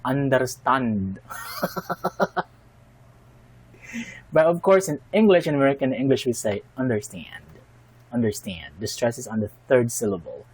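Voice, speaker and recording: A man talks through his reaction in a casual, unscripted way, weighing his words with frequent ums and restarts. His voice sits at an ordinary pitch, and his admiration comes through plainly. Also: sing-song, fast, hardly any pauses, darkish tone, breathy edge, rough recording. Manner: thoughtful and admiring, with many fillers and restarts. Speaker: reaction video host. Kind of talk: casual spoken commentary.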